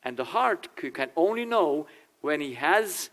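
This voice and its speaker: A man's voice: a little high, a little slow. An older man, a German-speaking family therapist, talks to a church audience in English, laughing and acting out little dialogues. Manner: animated, laughing, acts out dialogue in changing voices. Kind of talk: informal talk with acted quotes.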